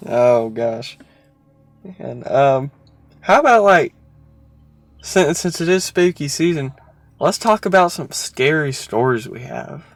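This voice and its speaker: A man's voice: medium pitch, lively intonation, takes it slowly. A man hosting a casual podcast, chatting with a friend and telling stories with lots of laughter. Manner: chatty, laughs often, theatrical storytelling. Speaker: podcast host. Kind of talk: casual chat and storytelling.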